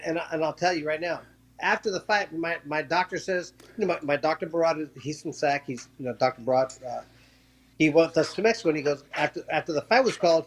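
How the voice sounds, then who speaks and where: A former professional boxer with a high voice recounts one of his fights in a casual interview. He speaks in quick bursts, stumbling through restarts and repeats, and acts out the voices of the people in the story.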